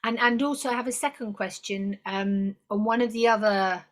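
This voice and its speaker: A woman's voice: medium pitch, fairly even intonation, moderate pace. A woman on a video call asking the host questions, hesitant and full of fillers. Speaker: webinar participant. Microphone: computer mic on a video call.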